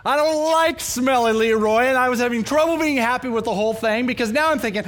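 A man from New Mexico, a pastor, preaching a sermon with animated, humorous storytelling and self-deprecating asides. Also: extremely high pitch, fast. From New Mexico, USA.

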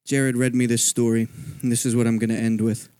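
A man's voice: medium pitch, level tone, fairly quick, dark tone, dry recording. A man from Philadelphia giving a personal testimony as a guest speaker at a church, talking in a conversational storytelling way with frequent asides. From Philadelphia, USA.

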